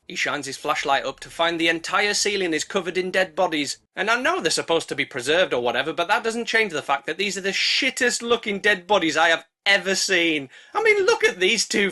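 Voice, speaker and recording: A man's voice: high voice, sharp tone. An English man narrating a film review with sarcastic, sweary jokes.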